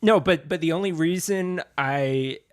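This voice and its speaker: A man's voice: on the high side, a little slow, clear, resonant tone, dry recording, studio quality. A man co-hosting a podcast, reacting with wry jokes and frequent laughter in casual chat. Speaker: podcast co-host.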